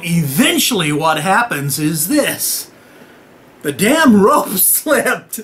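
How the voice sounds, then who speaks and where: Animated, slow-talking male storyteller. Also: high voice. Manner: irreverent, jokey, talks straight to the audience; acts out voices and noises in the tale. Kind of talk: comic retelling of a myth.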